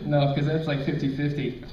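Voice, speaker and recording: A middle-aged man doing a stand-up comedy set, telling crude stories deadpan and hitting punchlines loudly. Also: fairly high pitch. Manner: crude, deadpan storytelling with sudden loud punchlines. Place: comedy club stage. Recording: roomy, distant, dull club recording with faint noise. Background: audience laughter.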